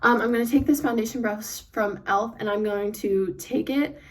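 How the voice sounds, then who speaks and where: A young woman chatting as she does her makeup for a vlog, talking fast and rambling with lots of fillers, recorded on a phone. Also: on the high side. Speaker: beauty vlogger. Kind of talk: get-ready-with-me chat. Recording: phone mic from a distance, some noise.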